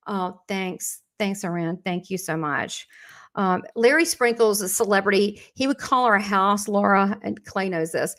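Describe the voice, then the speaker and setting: Brief: woman host of a live spiritual lesson, chatty and unscripted, rambling with asides, motivational. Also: mid-range voice. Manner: rambling and conversational, with frequent restarts and asides; encouraging, motivational.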